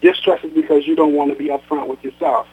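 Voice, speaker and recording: A man's voice: a little high, little pitch movement, fast, husky. A man reading the lines of a stern, guilt-tripping aging mother on a phone call, sarcastic and reproachful, over a tinny phone line. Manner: sarcastic, reproachful, then sweet.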